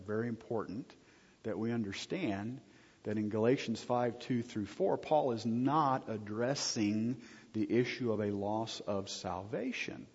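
With a lowish, darkish, husky voice, a pastor delivers a conversational sermon, joking with his congregation and frequently asking them check-in questions. The recording is dull and lo-fi, with long hall reverb.

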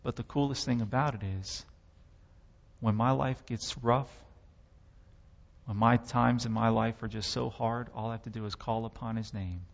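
A man's voice: medium pitch, fairly even intonation, moderate pace, creaky, big-room sound, highs cut off. A man giving a sermon testimony, telling his story with impassioned, dramatic swells.

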